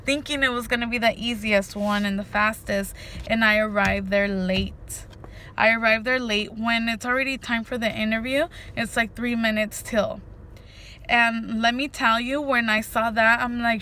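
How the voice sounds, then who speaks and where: A woman's voice: a little high, moderate pace, slight background noise. A woman vlogger telling a story to her viewers in a casual, emphatic way, often saying "freaking" and speaking to them directly. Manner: animated, emphatic, says "freaking" a lot.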